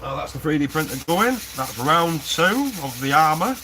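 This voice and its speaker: In a noisy workshop with sanding and a running 3D printer, a man casually streams his prop build, reading chat aloud, chatting with viewers, and laughing often. His fairly high voice is very animated, pushed and bright, at a normal speed.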